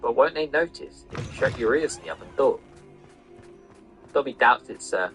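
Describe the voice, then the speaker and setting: A man voicing a small, earnest male house elf who is servile and self-punishing, speaking in a high, pleading voice while he reads a novel aloud. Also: lively intonation, normal speed, a bit bright, soft background music, close to an everyday voice, low-quality recording. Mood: anguished. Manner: high-pitched, pleading, says sir constantly. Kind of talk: reading a novel aloud over gameplay.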